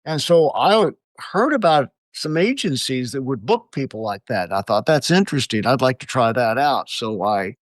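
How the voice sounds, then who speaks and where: A man's voice: mid-range voice, dry recording, studio quality. An older American man, an exorcist guest, telling stories in an interview with frequent chuckles. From United States. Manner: animated storyteller, chuckles often. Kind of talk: storytelling interview answers.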